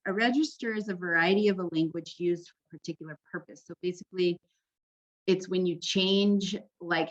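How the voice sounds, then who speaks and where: Woman from California, low voice, casual presenter style, slightly dull lo-fi sound. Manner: conversational, frequent "right?" and "um", deliberately informal. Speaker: peer educator workshop presenter. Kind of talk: informal teaching talk.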